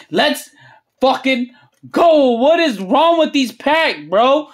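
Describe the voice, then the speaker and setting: A channel host opening trading card packs on camera, calling out each card and getting loudly excited and cursing at big pulls. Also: sits high. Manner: excitable, swears freely, yells at big pulls; drawn-out, emphatic phrasing between muttered card lists. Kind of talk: hyped pack-opening vlog commentary.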